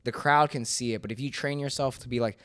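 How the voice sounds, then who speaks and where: A young man hosting a podcast, chatting casually with lots of "like" and quick agreement. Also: mid-range voice, steady tone, a bit bright, dry recording, clean studio sound. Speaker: podcast host and comedian.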